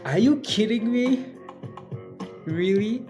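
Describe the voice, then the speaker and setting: Joking male livestream trader, higher voice. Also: lively intonation, slow, music in the background. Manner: jokey, laughs often, banters with chat and his phone assistant. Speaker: day-trading livestream host. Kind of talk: casual live-stream chat.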